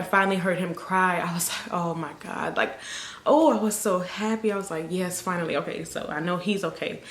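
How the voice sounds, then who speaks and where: Casting note: young woman, storytime vlogger, fairly low voice, echoey room. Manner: animated storyteller, acts out quotes. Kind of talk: casual storytime. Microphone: camera mic.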